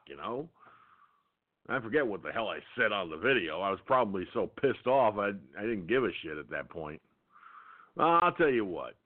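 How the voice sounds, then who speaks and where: Male talk-radio host, angry profane rant, animated delivery, thin phone-quality audio. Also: lowish voice, fairly quick. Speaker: internet radio show host. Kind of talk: ranting monologue. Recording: tinny phone-line sound.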